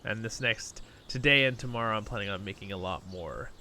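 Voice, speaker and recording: A man's voice: on the low side, a little fast, slight background noise. A sleepy man hosting a gaming channel, chatting casually at his computer into a new microphone and chuckling often. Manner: relaxed and rambling, chuckles often. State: sleepy, just woke up. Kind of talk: casual gameplay commentary. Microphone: new desktop microphone.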